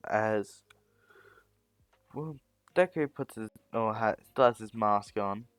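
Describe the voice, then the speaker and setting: Rambling male storyteller, slow. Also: fairly low pitch, a bit bright, no echo. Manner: rambling, self-correcting. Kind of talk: fan story narration.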